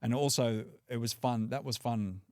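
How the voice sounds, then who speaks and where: Casual conversation comes from an Australian man guesting on a podcast, his medium-pitched voice moving at normal speed. There's no room sound and the audio is studio quality; English is his native tongue, and "like" and "you know" come up constantly.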